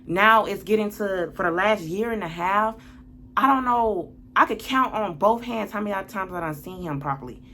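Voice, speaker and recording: A woman's voice: medium pitch, moderate pace, pushed and bright, a little hiss or hum. A woman telling a personal story on her vlog in a blunt, profane, worked-up way. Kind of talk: casual storytime monologue.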